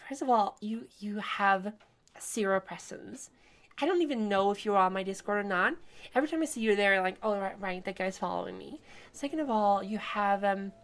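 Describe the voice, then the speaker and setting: A woman streaming a game, casually chatting and playfully teasing her viewers, often breaking into giggles. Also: medium pitch. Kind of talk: casual live-stream chat.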